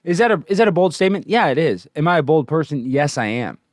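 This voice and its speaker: A man hosting a comedic livestream, brash and boastful, jumping between loud shouting and low mumbling. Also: very animated, quick pace, no room sound, studio quality. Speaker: livestream host.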